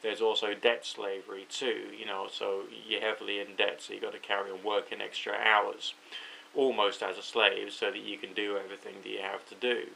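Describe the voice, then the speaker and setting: A man's voice: on the low side, completely flat delivery, fairly quick, gravelly, pushed and bright, a little hiss or hum, low-quality recording. A British man speaking his thoughts aloud to camera late at night, overtired and rambling, correcting himself as he goes. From United Kingdom. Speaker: vlogger. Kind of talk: late-night thinking out loud.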